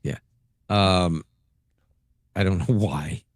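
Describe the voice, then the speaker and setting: A man's voice: deep voice, drawn-out words, no room sound, studio quality. A man hosting a tech podcast in casual chat, rambling and going off on tangents. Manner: rambling, digressive. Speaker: podcast host.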